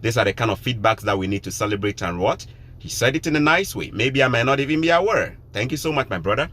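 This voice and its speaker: A man's voice: medium pitch, lively intonation, fast talker, fairly bright tone. A man from Ghana with a Ghanaian accent, talking to his viewers in a casual live stream, emphatic and preachy, repeating his points. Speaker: vlogger.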